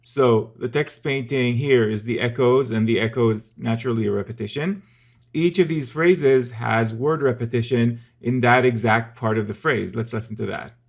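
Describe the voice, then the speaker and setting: A man's voice: mid-range voice, normal speed. Man explaining music theory. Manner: clear, methodical explaining with casual fillers. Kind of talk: explanatory video lesson.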